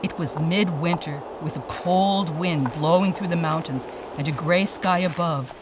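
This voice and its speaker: A storyteller giving a dramatic, expressive storybook narration. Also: medium pitch, a little slow, background noise. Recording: distant voice over loud music.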